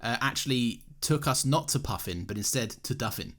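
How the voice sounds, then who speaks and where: A man co-hosting a casual podcast, spinning tall tales for his friend. His pitch leaps around a lot as he talks. He swears freely and drops into mock voices for the bits. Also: fairly quick. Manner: animated storyteller, swears freely, does silly voices. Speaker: podcast co-host. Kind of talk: casual chat.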